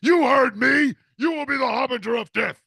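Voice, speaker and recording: A man voicing a devil, the father of the Antichrist, who gives solemn commands and shouts. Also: medium pitch, expressive, measured pace, creaky, dry recording, clean studio sound, voice pushed down. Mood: commanding.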